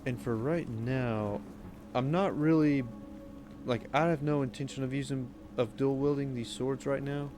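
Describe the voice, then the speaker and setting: A man's voice: mid-range voice, steady tone, a little slow, background noise. A man giving casual, rambling commentary as he plays a video game, talking to himself. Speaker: gaming streamer.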